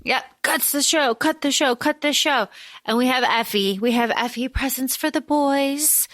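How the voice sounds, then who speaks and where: A woman's voice: high-pitched, moderate pace, a bit bright, dry recording. A woman co-hosting a podcast, recapping a movie in casual, slangy, playful chat. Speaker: podcast co-host.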